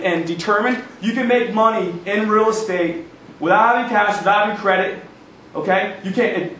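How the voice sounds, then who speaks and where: Young man, energetic motivational speaker, high voice, echoey hall, distant mic. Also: a little hiss or hum. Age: young adult. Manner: energetic, emphatic, repeats phrases. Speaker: guest speaker. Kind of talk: motivational talk. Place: university event hall. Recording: echoey room, recorded from far off.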